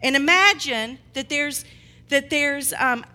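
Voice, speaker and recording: A woman preacher delivering a sermon, swinging between loud proclamation and quiet asides. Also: sits high, slow pace. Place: church hall. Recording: long hall reverb.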